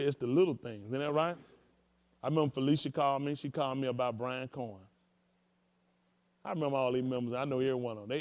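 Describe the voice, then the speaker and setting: A man's voice: medium pitch, darkish tone. A man, a pastor, roasting his church members from the pulpit in a joking, rambling way with folksy slang.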